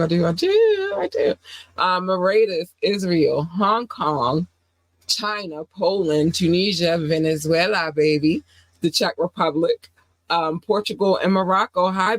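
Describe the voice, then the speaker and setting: A woman's voice: on the low side, dry recording, rough recording. Under-the-weather woman hosting a podcast. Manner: affectionate, rambling, with many fillers. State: under the weather, low energy. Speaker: podcast host. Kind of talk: casual livestream podcast chat.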